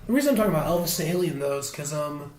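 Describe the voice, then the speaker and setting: A young man with a hoarse voice from laryngitis, co-hosting a casual podcast and rambling with many fillers. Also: fairly high pitch, expressive, racing, darkish tone, roomy sound. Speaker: podcast co-host. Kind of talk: casual chat.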